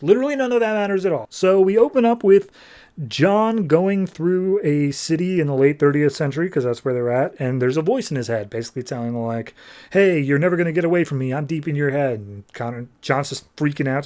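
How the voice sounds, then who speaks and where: A man with a slightly raised pitch talks through comic issues in a relaxed podcast review. He rambles, backtracks and repeats phrases as he sums things up. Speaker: podcast host. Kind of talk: casual comic book review.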